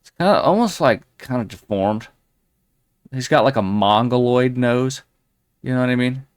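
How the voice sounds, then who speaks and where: A man's voice: medium pitch, moderate pace, clean tone, dry recording, studio quality. A man hosting a commentary show, crudely mocking a video with a rambling, sneering delivery full of fillers. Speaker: commentary host.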